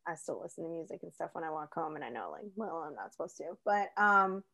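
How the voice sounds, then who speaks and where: A young woman in casual chat, telling stories in a chatty, animated way with lots of fillers. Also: sits low, fast talker, gravelly. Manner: chatty, animated storytelling with many "like"s.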